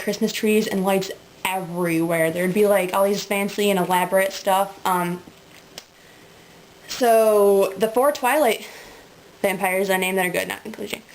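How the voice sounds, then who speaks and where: A woman's voice: mid-range voice, a little hiss or hum, low-quality recording. A woman in a casual, rambling webcam monologue, full of ums and likes, often breaking into giggles. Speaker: vlogger.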